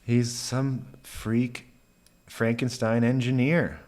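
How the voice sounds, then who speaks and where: A man co-hosting a reaction video, cracking deadpan crude quips. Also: medium pitch, slow, slight background noise. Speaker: co-host.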